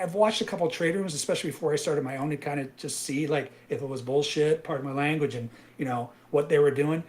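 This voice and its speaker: A man's voice: fairly high pitch, fast talker. Emphatic man ranting on a trading webinar. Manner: emphatic, repetitive, asks "right?" often. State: out of breath. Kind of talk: animated live webinar rant.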